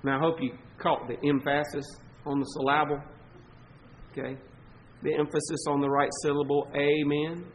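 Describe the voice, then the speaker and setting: A man with a Southern US accent preaching a sermon as pastor, emphatic, stretching key words and swinging between loud and soft. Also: on the high side, level tone, slight background noise, low-quality recording. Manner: emphatic preaching, swelling and dropping in volume, slow stressed words.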